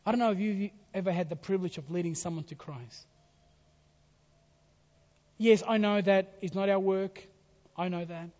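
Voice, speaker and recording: A man with a high-pitched voice delivers a sermon, swelling to loud emphasis and then dropping to near-whispers. The sound is dull and muffled, carried by a long hall reverb. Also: normal speed, pauses often. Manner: dramatic swings from loud to hushed whispers. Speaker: preacher.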